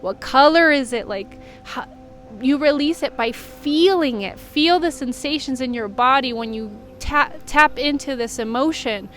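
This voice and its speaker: A woman's voice: high-pitched, measured pace, a bit bright. A woman who does intuitive readings and healings, talking candidly and emotionally in a personal vlog. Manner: earnest, confessional, emotional. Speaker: intuitive healer and reader. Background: faint music from a neighbor.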